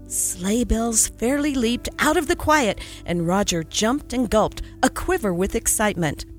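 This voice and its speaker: A woman narrating a classic holiday story in an expressive, storytelling reading. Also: medium pitch, normal speed, hardly any pauses, faint music behind.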